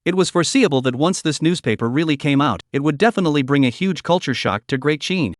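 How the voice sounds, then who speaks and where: A man reading a scripted story recap as narrator, rapid and even. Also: fairly high pitch, no room sound, studio quality.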